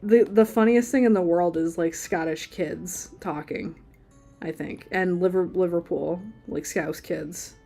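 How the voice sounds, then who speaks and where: A woman's voice: on the low side, unhurried, creaky, mellow, faint music behind. A woman streaming live as she draws, chatting casually in a rambling, playful way and laughing often. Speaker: livestream artist. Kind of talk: casual chat while drawing.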